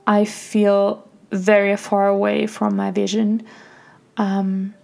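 A young woman hosting her own podcast, talking reflectively and softly in a personal monologue, with many fillers like "like". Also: medium pitch, completely flat delivery, takes it slowly, gravelly. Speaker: podcast host.

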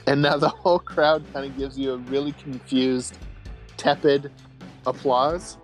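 A young man narrating a tabletop game as game master, relaxed and descriptive with fillers. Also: mid-range voice, unhurried, soft background music.

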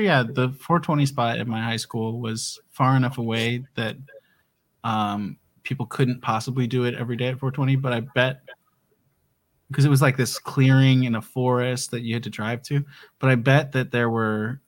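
A young adult man co-hosting a casual podcast, easygoing and quick to laugh. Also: medium pitch, steady tone. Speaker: podcast co-host.

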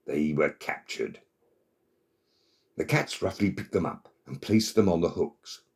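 A man narrating a children's story in an expressive, dramatic manner. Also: sits low, measured pace, vocal fry.

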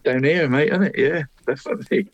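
A man's voice: a little high, brisk, dry recording. Jovial man, mate every line. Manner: jovial, says "mate" in nearly every sentence. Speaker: co-host of a local football show. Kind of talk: casual sports chat.

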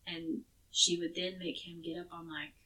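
A woman's voice: lowish voice, sing-song, moderate pace, gravelly, sharp tone, far from the mic, poor audio. A woman co-hosting a podcast, telling a true crime case in a casual, chatty way with some swearing. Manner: chatty, swearing, restarts words.

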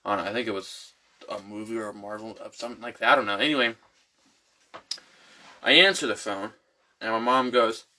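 Bright-voiced animated young man. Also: mid-range voice, brisk, long pauses. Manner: animated storyteller acting out quotes. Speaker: co-host. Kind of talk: casual chat.

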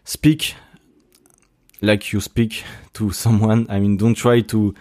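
A man's voice: fairly low pitch, little pitch movement, slow, darkish tone. A young man from Brittany with a French accent, hosting a casual solo podcast and talking with many restarts and fillers. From Brittany, France. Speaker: podcast host.

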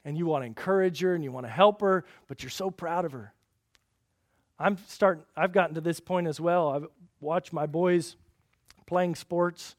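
Pastor guy preaching, pretty high voice, dry close sound, goes big and loud then drops way down soft. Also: moderate pace, no room sound. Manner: swings from loud emphatic peaks to quiet low passages; rhetorical questions to the congregation. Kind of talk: sermon.

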